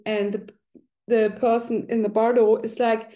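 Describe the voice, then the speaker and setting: A woman's voice: fairly high pitch, little pitch movement, a little slow, mellow. A middle-aged woman talking conversationally, now and then acting out quoted voices. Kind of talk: explanatory talk.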